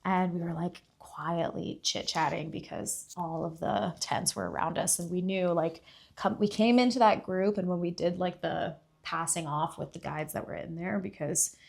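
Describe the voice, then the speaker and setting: A young woman with a fairly low voice recounts a story in relaxed podcast chat. She rambles, stacks up fillers, and swings from near-whispers to loud outbursts. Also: normal speed, gravelly. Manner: rambling, lots of "like" fillers, drops to a hush then bursts loud. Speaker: podcast guest.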